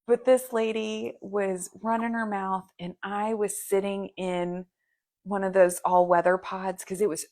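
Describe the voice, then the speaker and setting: A woman's voice: medium pitch, unhurried. A woman in her thirties co-hosting a podcast, telling stories in casual chat with lots of fillers. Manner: animated storytelling with many fillers. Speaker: podcast co-host.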